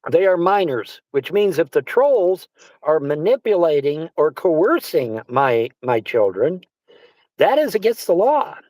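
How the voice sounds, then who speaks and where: A man with a high voice talks in a rambling, casual way, circling back over the same phrases and swearing freely. The recording is dry and close. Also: very animated, measured pace, darkish tone, no echo, low-quality recording. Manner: rambling, repeats himself, swears often. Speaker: livestream host. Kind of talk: casual chat. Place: Arizona.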